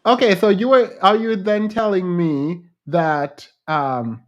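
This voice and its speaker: A man's voice: sits high, slow pace, highs cut off. A man co-hosting a podcast, pressing his co-host with teasing, probing questions in casual chat.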